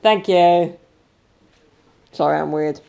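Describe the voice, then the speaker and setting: A man's voice: fairly high pitch, steady tone, takes it slowly, gravelly, mellow, smooth, highs cut off, faint music behind. A young man from England chatting casually and jokingly to a handheld camera at home. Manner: joking, playful, makes sound effects. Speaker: vlogger. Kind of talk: casual vlog chat. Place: home, indoors.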